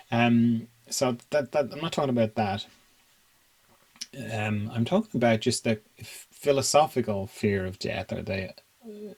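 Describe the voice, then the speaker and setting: Man, reflective monologue, musing, fillers, soft laughs, middle pitch. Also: breathy edge, low-quality recording. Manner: musing, laughs often, many fillers and restarts. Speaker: spiritual teacher.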